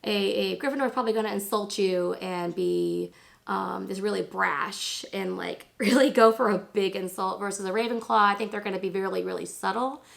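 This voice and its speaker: A woman in her thirties, hoarse from laryngitis, chatting casually and rambling through a makeup tutorial. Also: medium pitch, fairly quick. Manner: chatty, rambling, lots of fillers. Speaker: beauty vlogger.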